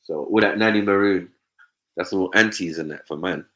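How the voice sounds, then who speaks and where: Lively low-voiced man. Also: normal speed. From Nigeria. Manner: animated, swears freely, mimics voices. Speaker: panel host. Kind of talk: casual chat.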